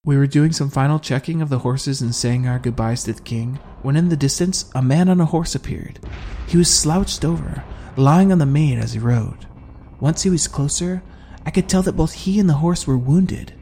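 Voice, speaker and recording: A man's voice: fairly high pitch, moderate pace, mellow, a little hiss or hum. Man narrating a fantasy audiobook. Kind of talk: scripted first-person narration.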